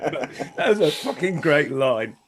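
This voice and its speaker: A man's voice: fairly high pitch, sing-song, a little slow, slight background noise. A man co-hosting a podcast, speaking thoughtfully and hesitantly, often repeating words as he looks for the right phrase. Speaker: podcast co-host. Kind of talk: casual chat.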